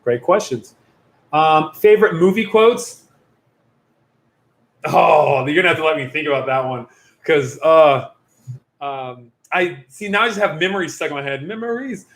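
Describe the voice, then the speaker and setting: Chatty youth pastor, echoey room. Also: male voice, a little high, lively intonation, normal speed, a bit bright. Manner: rambling, chatty, self-interrupting. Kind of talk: casual livestream Q&A. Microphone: computer or phone mic on a video stream.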